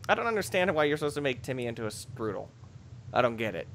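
A young man giving excitable, jokey commentary over a video game, bursting into shrieks and yells. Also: medium pitch, quick pace, slight background noise. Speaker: gameplay commentator. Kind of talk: let's play commentary.

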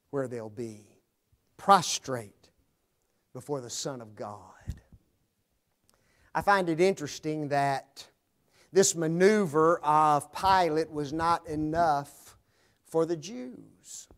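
A man preaching a sermon to his congregation, speaking to them directly and swinging from loud climaxes to hushed low lines.

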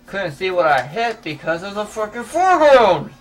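A man's voice: high-pitched, big pitch swings, moderate pace. Exasperated man ranting over a game. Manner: swearing, yelling and laughing in exasperation. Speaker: gaming show host. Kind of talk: frustrated retro gameplay commentary. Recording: faint music under voice.

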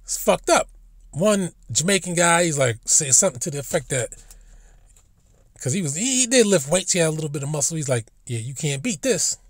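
A man's voice: a little high, animated, brisk, no room sound, clean studio sound. A man ranting bluntly and profanely in a casual vlog monologue, recorded in a car. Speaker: vlogger.

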